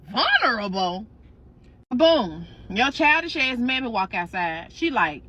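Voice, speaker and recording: A woman with a high, bright voice tells a dramatic second-person storytime. Her pitch leaps all over the place. She is sassy, slangy and swears freely. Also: very animated, a little slow. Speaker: storytime creator.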